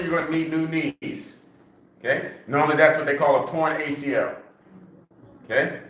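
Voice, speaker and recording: A man's voice: fairly high pitch, fairly bright tone. A man leading a live exercise class for seniors, counting repetitions aloud and checking in with a frequent "okay?". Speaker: senior fitness instructor. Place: senior center room. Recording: echoey room from a distance.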